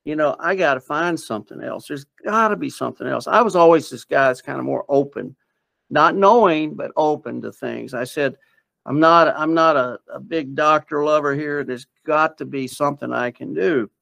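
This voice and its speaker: Gravelly-voiced man telling his story. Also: on the high side, normal speed, a bit bright, no echo. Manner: earnest, rambling, with many fillers and restarts. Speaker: interviewee sharing personal story. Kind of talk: casual personal storytelling.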